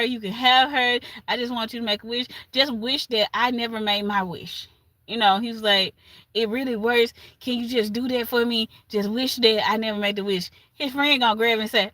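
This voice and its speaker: Bright-voiced woman retelling a story. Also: on the high side, a little fast, no room sound. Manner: animated retelling with laughs and asides. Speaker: livestream host. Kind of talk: casual storytelling recap.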